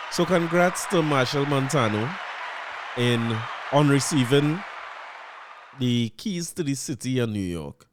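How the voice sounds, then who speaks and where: A podcast host with a Trinidadian accent offers casual commentary in a loose, conversational way, often repeating words as he finds his phrasing. His medium-pitched voice has lively intonation and is a little slow, with a crowd and other noise in the background.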